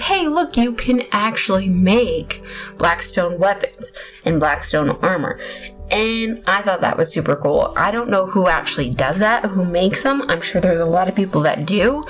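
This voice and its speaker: A woman's voice: lowish voice, low-quality recording. A young woman hosting her gaming channel, talking casually and rambling through her gameplay with self-mocking laughs. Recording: faint music behind voice.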